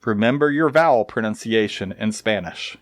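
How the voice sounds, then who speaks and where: A man explaining grammar in a slow, deliberate recorded lesson, with touches of dry humor. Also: fairly low pitch, no echo. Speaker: Spanish teacher.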